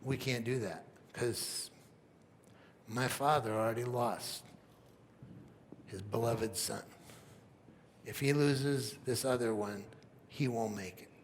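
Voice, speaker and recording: A man voicing a group of frightened grown brothers, speaking in a low, hushed, pleading way. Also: slow, pauses often, a little hiss or hum.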